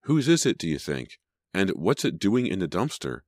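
A man with a very deep voice voicing an honest, cautious teenage girl who speaks in an earnest, wary way, raising his pitch for her. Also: sing-song, normal speed, a little mellow, no echo, studio quality. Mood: surprised.

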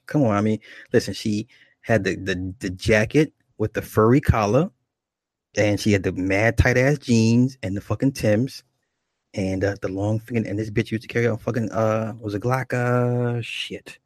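Man telling a profane comic story in a low, husky voice, with laughing asides. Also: moderate pace, a little mellow, no room sound. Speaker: comedic storyteller.

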